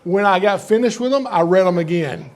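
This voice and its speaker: High-voiced joking Southern man. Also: brisk. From Georgia, USA. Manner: joking, folksy, animated storyteller. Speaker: reptile rescuer giving a library program. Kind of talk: live storytelling talk to an audience. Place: library program room with live audience.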